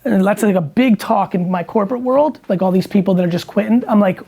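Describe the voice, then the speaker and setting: A man's voice: high-pitched, quick pace, gravelly, hardly any pauses, warm tone. A man in casual conversation, talking bluntly and emphatically with lots of swearing. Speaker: guest entrepreneur.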